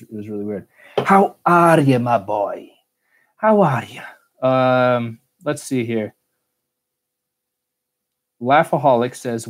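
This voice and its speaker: An American man hosting a casual solo Q&A podcast, rambling, cursing freely and joking at his own expense. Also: mid-range voice. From United States. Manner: rambling, swears a lot, self-mocking. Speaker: podcast host.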